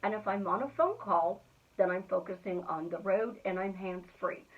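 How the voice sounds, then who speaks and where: A middle-aged woman giving a motivational self-help talk. She speaks earnestly and repeats affirmations in a steady rhythm. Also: mid-range voice. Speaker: manifestation coach. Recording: thin phone-like sound, distant from the mic.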